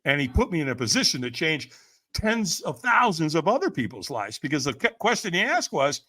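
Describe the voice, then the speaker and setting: A man guesting on a podcast tells an energetic, animated story, acting out the people he quotes, laughing often, and repeating "man" and "right?" His voice is on the high side, sing-song, sharp, and husky, and he talks fairly quickly.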